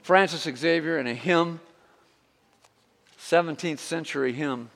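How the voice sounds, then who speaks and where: Gravelly impassioned male preacher. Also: a little high, a little slow, in a large hall. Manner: impassioned, swings from hushed prayer to loud exhortation. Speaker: pastor. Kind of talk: sermon. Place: church sanctuary.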